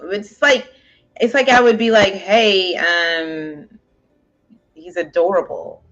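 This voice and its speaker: A woman co-hosting a casual chat, rambling and animated with many filler words. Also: fairly low pitch, slow pace, dull audio. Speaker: co-host.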